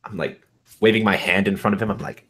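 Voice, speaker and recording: A man's voice: on the low side, fairly even intonation, fast, fairly bright tone. A man playing a tabletop game, asking wry, skeptical questions. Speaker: player.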